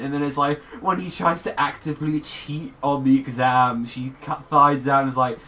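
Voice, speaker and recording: A man's voice: medium pitch, fairly even intonation, moderate pace, few pauses, bright, forceful tone, slight background noise. A young man giving a casual anime review in a rambling, profane way, full of fillers.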